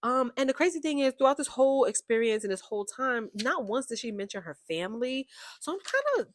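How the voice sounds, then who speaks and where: A woman giving a casual, opinionated recap of a reality TV show, with chatty, animated asides. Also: sits high, fairly quick, dry recording, studio quality.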